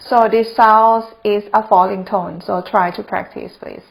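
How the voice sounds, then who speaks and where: A woman with a Thai accent teaching basic words as a language lesson, repeating each word slowly and laughing often. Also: medium pitch, rough recording. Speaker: tour guide teaching Thai.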